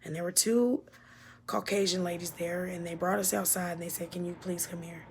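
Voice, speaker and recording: Gravelly woman telling a painful personal story. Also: on the low side, steady tone, a little mellow, a little hiss or hum. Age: adult. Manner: emotional, halting, drops to near-whispers. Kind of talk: personal testimony.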